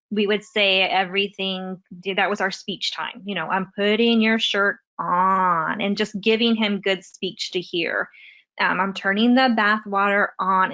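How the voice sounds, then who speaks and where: A woman speaking as a parent guest in a relaxed interview, talking chattily with frequent restarts and "you know" over a video call. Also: mid-range voice. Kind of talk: casual interview conversation. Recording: slightly muffled lo-fi audio.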